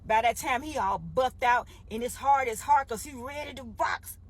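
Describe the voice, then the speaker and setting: A woman's voice: a little high, normal speed. A woman minister preaching a Bible story, emphatic and repetitive, often calling her listeners "baby".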